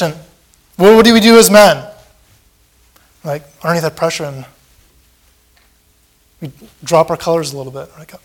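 A man's voice: fairly high pitch, lively intonation, moderate pace, long pauses. A man preaching a sermon in a church, impassioned and repetitive, acting out the mocking voices of a crowd.

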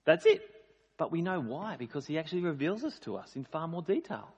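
A man's voice: a little high, big pitch swings, quick pace, darkish tone, breathy edge. A man preaching a sermon in a conversational, emphatic way. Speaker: pastor. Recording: dull lo-fi sound in a reverberant hall.

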